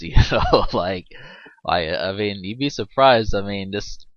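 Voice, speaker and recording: A man's voice: on the low side, measured pace, a bit bright, no echo, dull audio. A man giving a rambling, casual movie commentary, full of fillers and restarts and laughing often, swearing now and then.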